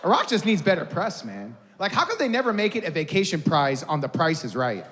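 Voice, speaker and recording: A young man doing a stand-up comedy set, animated and slangy, full of asides to a live audience. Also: on the high side, fairly quick. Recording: echoey hall with crowd laughing.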